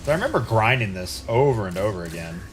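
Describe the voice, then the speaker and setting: A man streaming a video game live, chatting casually and talking to himself as he plays, with an occasional excited curse. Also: on the low side, fast, noisy background. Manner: casual, chatty, talks to himself while playing. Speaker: gaming streamer. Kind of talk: live gameplay commentary.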